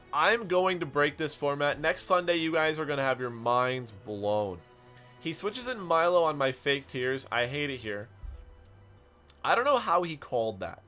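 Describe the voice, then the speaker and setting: A young man streaming a game, telling stories in an animated way and chatting to his viewers. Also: fairly high pitch. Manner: animated storytelling, quick asides to chat. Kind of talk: casual stream commentary while playing.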